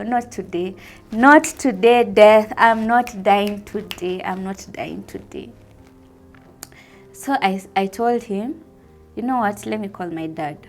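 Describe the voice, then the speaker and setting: A young Kenyan woman shares a personal testimony at an unhurried, deliberate pace, her voice sitting at a middling pitch. She speaks softly and slips between English and Swahili. Faint music plays quietly behind her. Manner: soft-spoken, mixing English with Swahili. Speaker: vlogger sharing a personal testimony.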